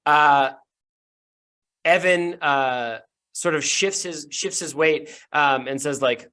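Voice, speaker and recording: A man's voice: fairly high pitch, slow pace, sharp tone. A man narrating a tabletop game as game master, loosely improvised.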